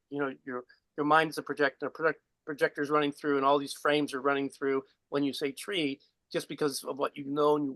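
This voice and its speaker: A man's voice: on the high side, dry recording, rough recording. A man on a video call giving a casual spiritual teaching, rambling and chuckling as he tells a story. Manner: relaxed, rambling, chuckles while telling. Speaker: guest speaker.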